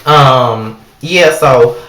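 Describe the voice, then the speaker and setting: A woman's voice: extremely low pitch, drawn-out words, noisy background. A woman reviewing a reality show in a casual, blunt, heavily profane rant, talking straight at the people in it. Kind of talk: casual ranting recap. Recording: echoey room.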